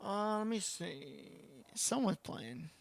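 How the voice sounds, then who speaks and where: A woman's voice: lowish voice, expressive, takes it slowly, gravelly, no room sound. A woman giving casual livestream commentary as she plays a game, chatting and reacting aloud to the match. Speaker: game streamer.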